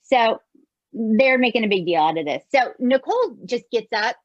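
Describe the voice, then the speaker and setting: A woman co-hosting a podcast, chatting in an expressive way and often asking "right?". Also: on the high side, normal speed, no room sound, highs cut off. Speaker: podcast co-host. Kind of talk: casual chat recapping a show.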